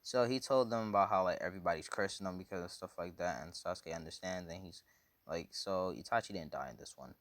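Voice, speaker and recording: A man's voice: low-pitched, quick pace, fairly bright tone, no room sound. A man casually telling a fan story, rambling and slangy with lots of fillers.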